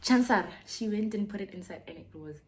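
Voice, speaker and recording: A young South African woman with a South African accent, telling a gossipy story in a casual vlog and dropping into hushed whispers now and then. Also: mid-range voice, fast talker. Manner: gossipy, drops to hushed whispers, mixes English with Setswana. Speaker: YouTuber.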